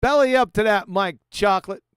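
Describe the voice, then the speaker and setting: A man hosting a casual live panel chat, animated and mocking, laughing often. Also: high voice, brisk, clear, resonant tone, no echo, studio quality. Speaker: stream host.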